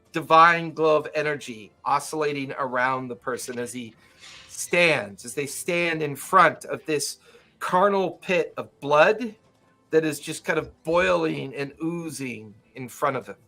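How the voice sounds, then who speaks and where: A man's voice: on the high side, measured pace, pushed and bright. A man narrating a tabletop game as game master, describing scenes loosely with many fillers.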